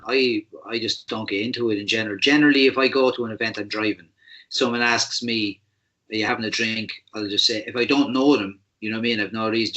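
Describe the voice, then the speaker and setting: A man's voice: mid-range voice, sharp tone, highs cut off. A man with an Irish accent co-hosting a podcast, talking casually with lots of fillers and jokes. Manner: joking, easygoing, many fillers. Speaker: podcast co-host. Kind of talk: casual chat.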